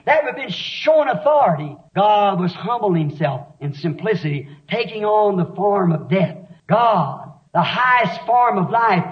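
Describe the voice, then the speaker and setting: Man, preacher, fervent sermon, shouting at times, very high voice, muffled old recording.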